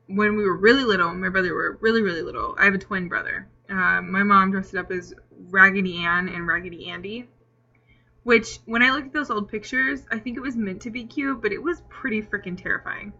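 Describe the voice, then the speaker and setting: A woman's voice: medium pitch, steady tone, moderate pace, pushed and bright, dull audio. A young woman vlogger answering tag questions in a chatty, rambling way with lots of fillers, hiccuping now and then. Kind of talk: casual Q&A tag video.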